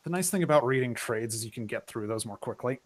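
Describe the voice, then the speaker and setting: A young male guest joins a casual stream chat. His voice swings up and down in an animated way, and he jokes and laughs easily. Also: mid-range voice, fast. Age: young adult.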